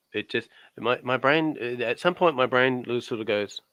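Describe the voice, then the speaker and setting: A man's voice: mid-range voice, animated, fast talker, hardly any pauses, bright, forceful tone, no room sound. A man chatting casually as a guest, telling rambling stories and cracking jokes. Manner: joking, rambling storyteller. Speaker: guest on his wife's craft channel. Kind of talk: casual chat.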